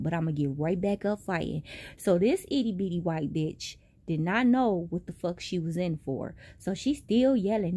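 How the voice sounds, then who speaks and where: A young woman telling a story in a casual vlog, animated and profane, with big jumps in pitch. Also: no room sound. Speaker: vlogger.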